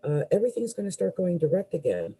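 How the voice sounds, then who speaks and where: A woman's voice: fairly low pitch, very animated, fast talker, warm tone, slightly rough, low-quality recording. A woman astrologer giving a live tarot reading, musing aloud with hesitant fillers and restarts and exclaiming in surprise as cards fall out.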